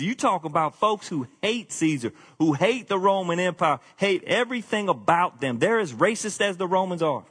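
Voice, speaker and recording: A man's voice: high-pitched, sing-song, moderate pace, hardly any pauses, fairly bright tone, breathy edge. A man preaching a sermon, with rising emphasis and casual asides to the congregation. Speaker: pastor.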